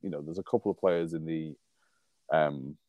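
A man's voice: a bass voice, fairly even intonation, moderate pace, no room sound, phone-quality sound. A man from England co-hosting a rugby podcast in casual chat, rambling and wry, often laughing at his own jokes. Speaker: podcast co-host.

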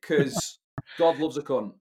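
A man's voice: medium pitch, slow pace, darkish tone. British male podcast co-host, casual and swears freely. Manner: chatty, opinionated, swearing freely. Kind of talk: casual chat.

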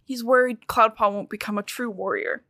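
A chatty woman recapping a book on a podcast, with a bright, fairly high voice. She talks in an irreverent way, full of "like" and casual swearing. Her voice is recorded dry and close. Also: steady tone, normal speed, no room sound. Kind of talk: casual chat.

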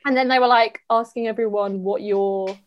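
A woman's voice: on the high side, steady tone, moderate pace, lo-fi sound. Chatty young British woman. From United Kingdom. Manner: chatty, many fillers. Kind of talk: casual chat.

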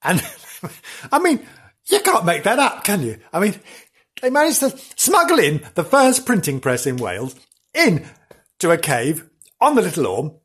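A podcast host telling a history tale in a theatrical, gossipy, mock-dramatic way. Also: male voice, high voice, wildly swooping pitch, a little slow, long pauses, a bit bright, slightly rough. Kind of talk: comic storytelling.

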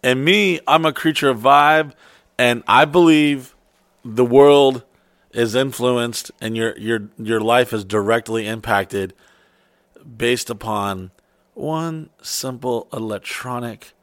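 A man's voice: mid-range voice, slow, creaky, pauses often, a bit bright, no room sound. Middle-aged male co-host, profane rambling storyteller, dry close sound. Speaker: podcast co-host. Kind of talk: crude casual chat.

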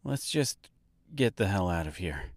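Man reading as a fed-up young heroine, stern and clipped, slow, dry close sound. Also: deep voice, sing-song, no room sound, exaggerated voice. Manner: stern, exasperated.

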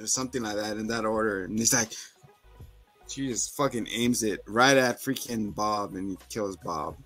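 A man's voice: medium pitch, moderate pace, bright, forceful tone. A man chats loosely through a podcast recap of a TV episode, swearing and laughing as he acts out lines from the scenes. His voice sits in an ordinary middle register. Light music plays faintly behind him. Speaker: podcast co-host. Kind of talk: casual chat recapping a TV episode.

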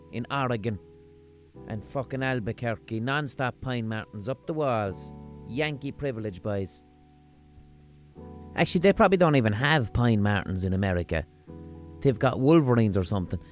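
A man with a Limerick Irish accent talks in a rambling, profane, deadpan-humorous monologue as a podcast host. His voice sits at an ordinary middle pitch for a man. Faint guitar music plays softly behind him. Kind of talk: casual comic monologue.

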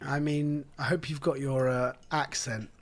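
A man's voice: medium pitch, fairly even intonation, measured pace. A man co-hosting a podcast in casual chat, often stumbling and restarting his sentences. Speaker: podcast co-host.

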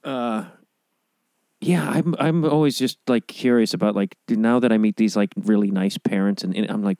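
A man's voice: fairly low pitch, moderate pace, gravelly, a little mellow, no echo. A middle-aged man in casual podcast chat, laid-back and self-deprecating, often laughing.

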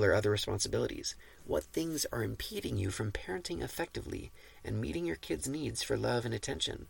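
A man with a deeply gravelly, husky voice talks through parenting advice on a podcast. He sounds calm and measured, like someone teaching steadily, and his pitch sits in the middle of the range. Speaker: podcast host.

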